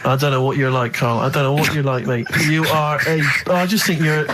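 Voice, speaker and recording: Man, radio co-host, higher pitch, mock-outraged, scolding, studio. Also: steady tone, a little fast, fairly bright tone, slight background noise. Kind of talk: casual radio banter.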